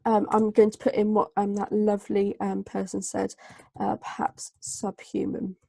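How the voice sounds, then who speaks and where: A woman tutor, running a live online group lesson and dictating analysis slowly with many fillers. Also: medium pitch, monotone, creaky, dark tone. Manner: slow, hesitant dictation with many fillers while writing. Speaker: English tutor.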